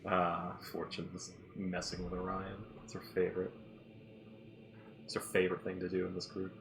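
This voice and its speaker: A man's voice: deep voice, completely flat delivery, normal speed, noisy background. A man running a tabletop game as game master, chatting casually in a rambling, self-deprecating way.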